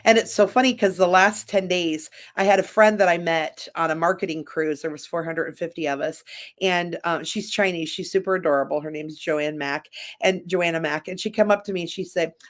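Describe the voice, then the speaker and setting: A man's voice: on the high side, fairly quick, a bit bright. A man speaking as a guest in a candid, casual chat, rambling with frequent restarts.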